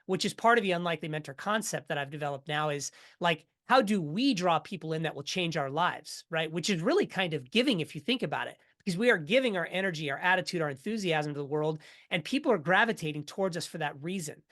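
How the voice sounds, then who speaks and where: A middle-aged man, a podcast guest, telling his story in a casual, energetic way and acting out what others said. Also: fairly high pitch, fast talker, few pauses. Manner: energetic, animated storyteller who acts out quotes.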